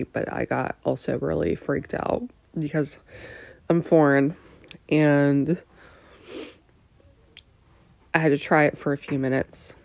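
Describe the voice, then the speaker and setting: A woman in her thirties candidly answering personal questions, hesitant and full of pauses, sometimes dropping into a breathy near-whisper. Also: deep voice, darkish tone, no room sound.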